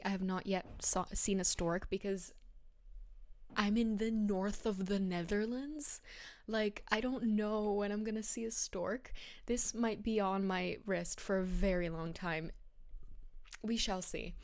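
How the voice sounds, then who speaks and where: A woman's voice: medium pitch, darkish tone, dry recording, studio quality. Chatty young woman podcast host. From Bulgaria. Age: young adult. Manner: chatty, rambling, self-deprecating, with fillers. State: a little out of breath. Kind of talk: casual chat.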